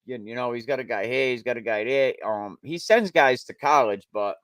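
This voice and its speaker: A man's voice: mid-range voice, normal speed, fairly bright tone, dry recording. A man hosting a casual sports talk over a call, speaking bluntly and repeating himself as he argues. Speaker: show host.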